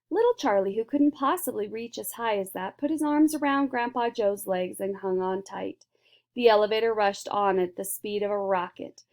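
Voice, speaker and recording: A woman reading a children's book aloud in a lively storytelling manner. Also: mid-range voice. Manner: lively, switches into character voices. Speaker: reader.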